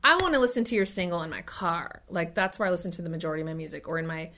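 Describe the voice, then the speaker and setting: Woman podcast co-host, bright and clear tone, chatty, laughs a lot. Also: lowish voice, expressive, racing. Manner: chatty, laughs often, trails off mid-thought. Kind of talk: casual chat.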